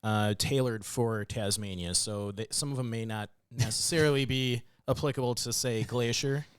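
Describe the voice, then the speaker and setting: A man co-hosting a podcast, chatting casually and adding relaxed asides and explanations. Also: medium pitch, moderate pace, smooth, no echo, clean studio sound. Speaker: podcast co-host.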